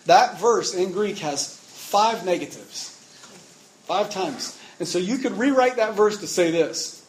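A man preaching a sermon, emphatic, getting louder on repeated words. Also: high-pitched, expressive, slow, slight background noise, rough recording.

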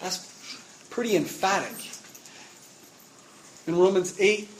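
A man preaching a sermon, emphatic, getting louder on repeated words. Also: high voice, slow, a little hiss or hum, poor audio.

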